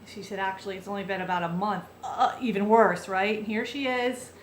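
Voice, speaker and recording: A woman's voice: mid-range voice, fairly even intonation, brisk, reverberant, slight background noise. A woman vlogger telling a heartfelt personal story in a chatty, casual way, full of fillers and restarts.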